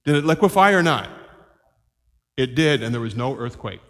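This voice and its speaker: A man in his sixties, a priest preaching a homily as a lively story and acting out the voices of the people in it. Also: medium pitch, normal speed, big-room sound. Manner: animated, acts out quoted voices. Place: church.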